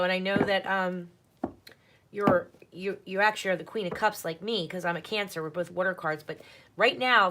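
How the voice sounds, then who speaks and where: A woman's voice: mid-range voice, sharp tone. Chatty woman reading tarot on a livestream. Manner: chatty, reassuring, talks straight to viewers. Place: home.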